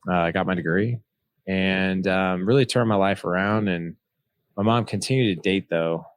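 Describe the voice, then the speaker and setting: A deep-voiced man in his forties speaks in a candid, reflective way, slipping into the voices of people from his past. The recording is dry, with no room sound. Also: moderate pace, smooth, dry recording. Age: 40s. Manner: earnest, reflective, acts out dialogue from memory. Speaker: podcast guest, author. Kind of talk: candid personal storytelling.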